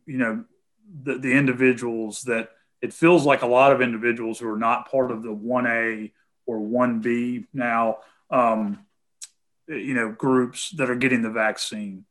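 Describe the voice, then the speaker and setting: A man's voice: mid-range voice, steady tone, a little slow, a bit bright. A man with a Tennessee accent answering callers' questions in a casual conversation, hesitating often with "um" and "you know".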